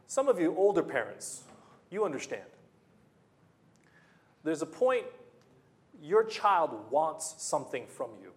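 Male preacher, slightly high voice, emphatic, with rhetorical questions and repeats. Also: big pitch swings, slow, long pauses. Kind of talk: sermon.

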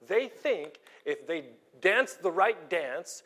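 A man preaching a sermon with strong emphasis, sometimes dropping to a soft whisper. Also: high-pitched, sing-song, a little slow, few pauses. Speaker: pastor.

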